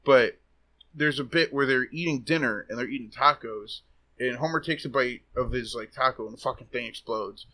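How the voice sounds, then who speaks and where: A man's voice: mid-range voice, normal speed, bright, forceful tone. A man co-hosting a podcast, casually telling a funny story with swearing and laughter. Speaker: podcast co-host. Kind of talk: casual chat.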